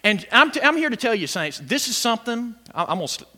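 A pastor preaches with a high, animated voice that swings widely in pitch. His tone is bright and ringing, and he climbs into shouts as he builds his points, stammering through restarts along the way. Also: quick pace. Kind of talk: sermon.

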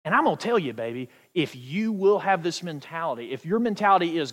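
A male pastor delivers his sermon in a high, wildly lively voice. He swings from near-shouted declarations to hushed, quiet asides. The sound rings with the long reverb of a big hall. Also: brisk.

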